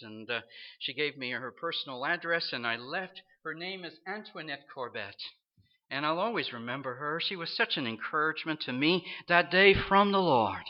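Man, preacher from the Toronto area, earnest storytelling sermon, mid pitch, lo-fi muffled sound. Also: expressive, moderate pace. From Toronto area, Canada. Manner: earnest, acts out quoted voices. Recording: dull lo-fi recording.

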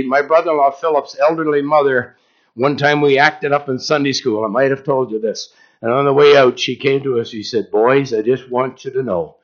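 A man's voice: a little high, a bit bright, dull audio. A man preaching a sermon in a conversational way, asking the congregation questions.

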